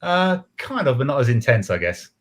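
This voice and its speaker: A man's voice: medium pitch, big pitch swings, normal speed. A man who is a podcast guest, explaining things in easygoing casual chat. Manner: explanatory, easygoing, lots of fillers.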